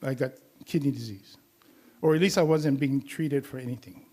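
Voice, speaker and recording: A man's voice: medium pitch, normal speed, a little mellow. An older man from Hawaii giving a casual, teasing health talk to a live audience, laughing often and acting out other people's voices. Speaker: community health lecturer.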